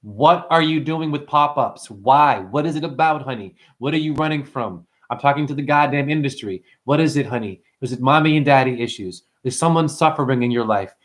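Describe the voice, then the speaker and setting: A man's voice: mid-range voice, fairly quick, few pauses. A man hosting a numerology livestream, ranting intensely at his viewers, swearing and preaching as he addresses them directly. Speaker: numerology teacher and livestream host. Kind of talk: profane livestream rant.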